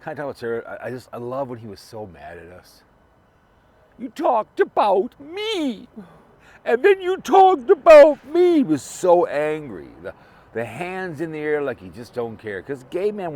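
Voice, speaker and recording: A man talking in a loose, rambling way, repeating himself while he drives and remembers a friend. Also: mid-range voice. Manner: rambling, repetitive, restarts a lot. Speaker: vlogger remembering a late fellow creator. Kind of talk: casual rambling monologue.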